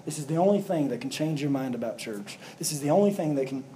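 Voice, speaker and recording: Fervent male pastor preaching, mellow tone. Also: fairly high pitch, animated, quick pace, slight background noise, low-quality recording. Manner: preaching with rising emphasis and repeated phrases. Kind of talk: sermon.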